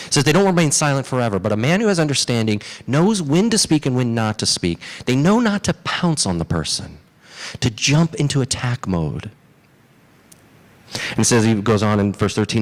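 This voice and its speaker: Male pastor from the American South; lively, wide-ranging sermon delivery with emphatic peaks. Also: on the low side, normal speed. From southern United States. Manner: animated storytelling, rising to emphatic peaks. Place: church.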